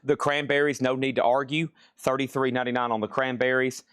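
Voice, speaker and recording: A man runs a live-stream record auction, moving quickly from item to item with wry jokes mixed in. His voice sits at an ordinary middle pitch, and the recording is dry and close with little room sound. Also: flat delivery, fairly bright tone, smooth, no room sound. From Tennessee. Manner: brisk item-by-item patter with wry asides. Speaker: live record sale host.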